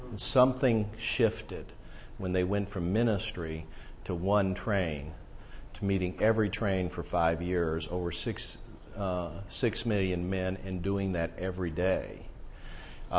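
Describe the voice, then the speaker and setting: A man with a very deep voice speaks at a ministry conference. He halts often, restarting his phrases and filling gaps with uhs. A faint noise sits under his voice. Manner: halting, with many fillers and restarts.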